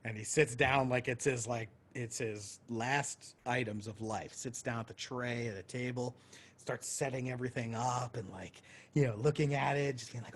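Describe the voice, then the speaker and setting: Husky-voiced male podcast co-host, mid-pitch, loose animated storyteller who acts out quotes. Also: normal speed. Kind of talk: casual storytelling chat.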